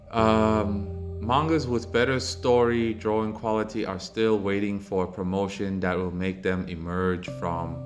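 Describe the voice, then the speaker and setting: A low-voiced man hosts a commentary video, working through viewer comments with mocking, heated ranting. As he goes on, his frustration builds into loud, exasperated outbursts.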